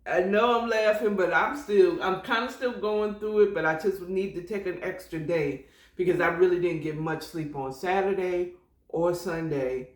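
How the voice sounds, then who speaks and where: A woman's voice: lowish voice, echoey room. A woman hosting a casual solo morning chat podcast, rambling and chatty with prayerful asides. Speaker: podcast host.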